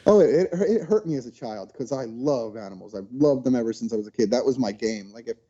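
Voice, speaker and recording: A man being interviewed on a podcast, telling childhood stories in an animated way and acting out what people said. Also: medium pitch, fast, highs cut off. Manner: animated storyteller, acts out quotes. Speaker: podcast guest. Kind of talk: casual storytelling interview.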